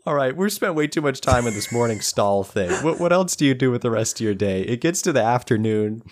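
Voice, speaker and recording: A man's voice: medium pitch, expressive, a little fast. A young man narrating as game master of a tabletop game, improvising loosely with lots of restarts.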